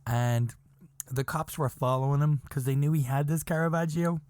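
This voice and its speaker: A man hosting a podcast, telling a story in a casual, animated way, chuckling often, swearing, and insisting that it is true. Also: on the high side, moderate pace, smooth. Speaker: podcast host.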